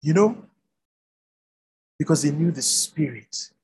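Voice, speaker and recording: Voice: mid-range voice, animated, slow pace, a little mellow, slightly rough, low-quality recording. A preacher giving an online Bible teaching over a video call, repeating key words for emphasis.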